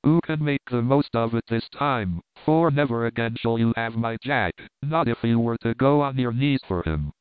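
A man's voice: moderate pace, few pauses, smooth, no echo, lightly acted. A man reading the part of an anxious, scornful woman who is the wife of a prizefighter. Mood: bitter. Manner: shrill, scornful. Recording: tinny narrow-band, dry.

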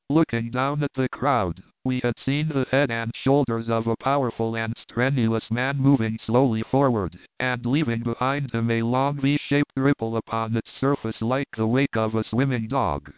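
A man reading a classic novel aloud with measured, even storytelling. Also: medium pitch, clean tone, no room sound. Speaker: audiobook reader. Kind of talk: scripted narration of a classic novel. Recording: tinny narrow-band, dry.

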